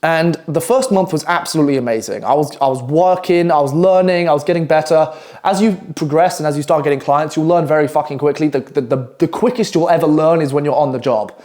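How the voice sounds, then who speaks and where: A young man with a British accent tells a work story straight to camera in a loose, casual way. His voice sits a little higher than most men's. He swears often and breaks into quick, animated asides. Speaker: copywriter telling a work story.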